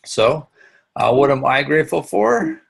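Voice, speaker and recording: A middle-aged man teaching a live online class, speaking earnestly with many pauses and restarts. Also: medium pitch, very animated, creaky, breathy edge. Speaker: instructor.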